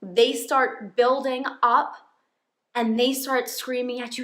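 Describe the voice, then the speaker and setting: A woman's voice: on the high side, little pitch movement, takes it slowly. Earnest woman vlogging in a roomy home. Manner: earnest, heartfelt, openly emotional. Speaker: faith vlogger. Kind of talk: casual personal vlog talk.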